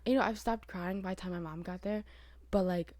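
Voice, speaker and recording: Brief: woman podcast co-host, animated rambling storyteller, a little low in pitch, dry close sound. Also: fairly quick, no room sound. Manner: animated, rambling storyteller who swears casually. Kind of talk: casual chat, storytelling.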